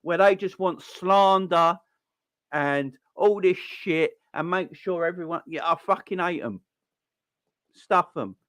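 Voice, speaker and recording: A man in his forties with a South London accent, ranting to camera as a football fan host. His voice sits fairly high for a man, and he swears freely, circling back over his own words. The sound is close and dry with no room around it. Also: takes it slowly, a bit bright, dry recording. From South London, England. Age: 40s. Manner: angry, sweary, repeats himself and restarts often. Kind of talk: heated fan rant to camera.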